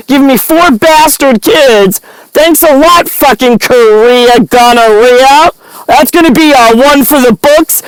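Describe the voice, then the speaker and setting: A woman's voice: sits high, no echo, low-quality recording. A woman delivering a rambling, angry, profane monologue to the camera.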